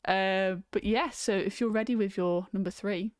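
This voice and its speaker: A woman's voice: mid-range voice, fairly even intonation, normal speed, dry recording. Brief: woman, stream host, chatty and loose, dry close sound. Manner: chatty, reads out viewer comments, frequent ums. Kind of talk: casual chat on a livestream.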